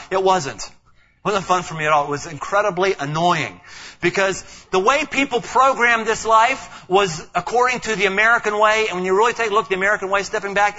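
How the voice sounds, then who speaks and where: A high, bright-voiced man preaches to his congregation with lively energy, stumbling and repeating words as he acts out the voices in his stories. The recording sounds dull and lo-fi. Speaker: pastor. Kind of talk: sermon.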